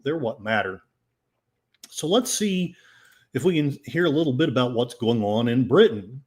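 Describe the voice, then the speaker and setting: A man's voice: medium pitch, expressive, normal speed, a little mellow. An older man hosting a podcast, reading headlines aloud and commenting with sarcasm and many fillers. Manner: sarcastic, rambling, with frequent fillers. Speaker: podcast host.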